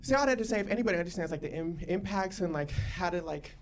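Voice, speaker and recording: A stand-up storyteller from Los Angeles doing a loud, profane set that swings from low asides to laughing shouts, on a comedy stage. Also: expressive, fast talker. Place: comedy stage with live audience. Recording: live room with audience noise.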